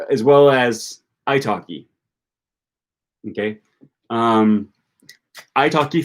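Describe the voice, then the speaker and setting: A young man hosting a language-learning live stream, reading out viewer questions and answering them in a relaxed, chatty way with plenty of ums and restarts. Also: medium pitch. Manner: reads viewer questions aloud and answers chattily, many fillers.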